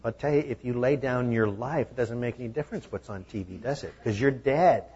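Man, pastor, sermon, husky, mid pitch, emphatic repeats, muffled recording. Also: fairly quick, a little mellow. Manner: conversational preaching with emphatic repeated phrases.

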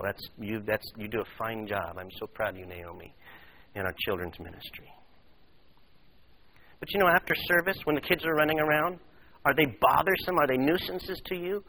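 A male pastor with a bright, forceful voice delivers a sermon, moving between storytelling and direct appeals to his congregation. His pitch sits in an ordinary middle range. A faint hiss of noise runs underneath the recording. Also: low-quality recording.

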